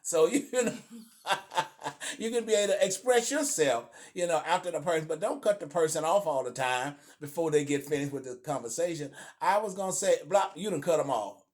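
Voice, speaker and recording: A man with a fairly high voice gives earnest, homespun marriage advice in a relaxed chat. He circles back to the same phrases again and again to drive his points home. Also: a little fast. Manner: earnest, repeats key phrases for emphasis. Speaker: co-host giving marriage advice. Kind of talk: casual faith-based relationship talk.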